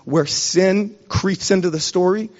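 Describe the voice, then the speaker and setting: Guy preaching all fired up, kinda choked up, muffled lo-fi audio, bit high voice. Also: a little slow, a little mellow, big-room sound. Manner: passionate, emotional, trying not to cry. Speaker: pastor. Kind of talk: sermon.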